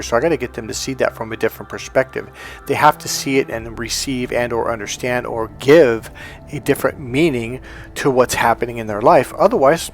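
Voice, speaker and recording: A man talks as a relationship coach in a motivational monologue. His delivery is animated, and he acts out bits of dialogue as he tells stories. His voice sits in a mid range, with faint music in the background. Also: medium pitch. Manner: animated storytelling, acting out dialogue.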